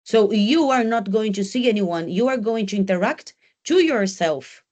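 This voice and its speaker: A woman's voice: medium pitch, expressive, moderate pace, a little mellow. Woman English teacher in a classroom; direct, coaching delivery that drills key points. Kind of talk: exam preparation class.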